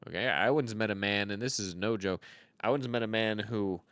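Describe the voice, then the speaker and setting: A man's voice: fairly low pitch, normal speed, a bit bright, dry recording. A man in his thirties giving casual, rambling commentary over a card game, full of jokes and self-mocking asides.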